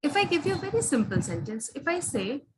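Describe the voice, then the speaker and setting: A woman's voice: high voice, big pitch swings, quick pace, noisy background. A woman teaching grammar to students, patient and questioning, stressing key words.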